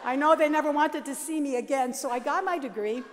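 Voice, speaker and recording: An older Catholic sister telling her life story at a worship service, lively and self-mocking, laughing often. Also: sits high, brisk, big-room sound. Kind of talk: storytelling talk. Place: large seminary chapel.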